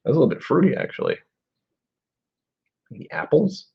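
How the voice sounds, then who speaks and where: A man's voice: fairly high pitch, wildly swooping pitch, normal speed, gravelly, slightly rough, muffled recording. A man in his forties hosting a casual live-stream tasting, musing aloud and rambling with trailing asides. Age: 40s.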